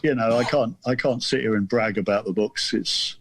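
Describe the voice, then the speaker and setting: Husky man, rambling. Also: mid-range voice, moderate pace, dry recording. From southern England. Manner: rambling, self-deprecating, frequent restarts. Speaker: podcast guest, author. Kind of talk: casual storytelling.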